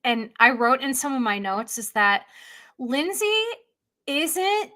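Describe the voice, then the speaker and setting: Bright, high-voiced woman therapist. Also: sing-song, takes it slowly. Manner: analytical, emphatic. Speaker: therapist guest. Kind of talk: casual podcast chat.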